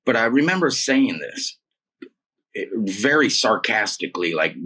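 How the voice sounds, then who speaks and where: A man's voice: fairly low pitch, sing-song, measured pace, sharp tone, breathy edge. Casual, emphatic man in his forties. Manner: emphatic, peppered with "man" and "dude". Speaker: interview guest. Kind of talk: casual personal storytelling. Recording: voice a bit far from the mic.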